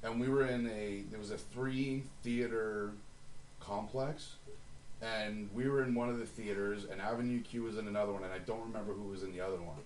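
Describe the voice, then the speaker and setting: A man's voice: fairly low pitch, fairly even intonation, fairly quick, a little mellow, recorded from a distance. A man casually telling a long profane backstage story, acting out what people said. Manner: profane storyteller, acts out quotes. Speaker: musician. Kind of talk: casual podcast chat. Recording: roomy with faint noise, a bit off-mic.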